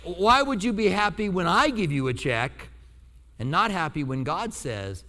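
Animated high-voiced male pastor preaching. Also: a little slow. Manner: animated storytelling preacher, acts out quotes with humor. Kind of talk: sermon. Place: church. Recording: long hall reverb.

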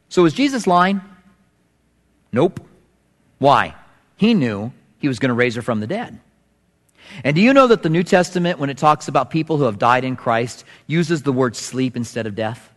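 Middle-aged male pastor, lively storytelling sermon delivery, slightly high voice, long hall reverb. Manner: storytelling preacher, acts out voices with big swings in pitch.

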